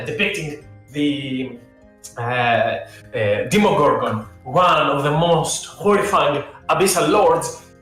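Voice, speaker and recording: A man narrating as game master of a tabletop game, slow and halting with fillers. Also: on the high side, a bit bright. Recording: very echoey room.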